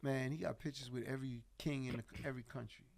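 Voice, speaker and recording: A middle-aged man telling stories as a podcast guest in a casual, animated way. He swears freely and laughs through his tales. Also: mid-range voice, fast, gravelly. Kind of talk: casual storytelling interview.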